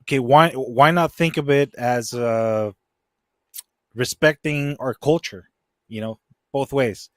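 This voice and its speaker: A man's voice: medium pitch, takes it slowly, no echo, clean studio sound. A man hosting a podcast in casual chat, laid-back, laughing often and reading out viewer comments. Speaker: podcast host.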